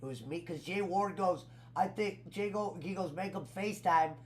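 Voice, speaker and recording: A man chatting on a podcast, animated and quick to laugh. He stumbles and repeats himself as he tells stories. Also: high voice. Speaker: podcast host. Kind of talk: casual chat.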